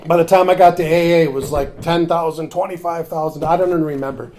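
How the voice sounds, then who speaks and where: Fast and somewhat high-pitched, a man tells his story at a recovery workshop in a confessional manner. He acts out the conversations with animation, and his voice falls to a near whisper during tender moments.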